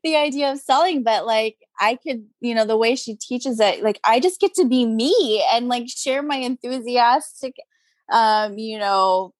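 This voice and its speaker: A chatty woman who sells crystals is a guest in a casual interview. Her fairly high voice is unhurried and upbeat, with lots of "like" and "you know" and frequent laughs. The sound is dry and close, with no room sound.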